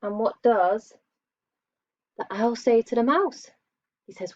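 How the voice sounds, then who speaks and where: A primary school teacher with a mid-range voice gives young children a patient lesson at a slow pace with long pauses, asking them questions and praising them while she draws. The recording is dull, lo-fi, and dry, with no echo.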